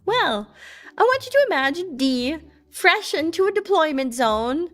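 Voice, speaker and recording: A woman's voice: high-pitched, big pitch swings, measured pace, fairly bright tone. A young woman streamer chatting casually with viewers, playful and teasing as she tells stories.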